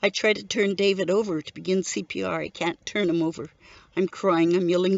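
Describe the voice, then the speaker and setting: A woman's voice: lowish voice, a little fast, gravelly, dry recording. A middle-aged widow telling her story in an earnest, grieving personal testimony. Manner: grieving, earnest, steady recounting. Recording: dull lo-fi recording.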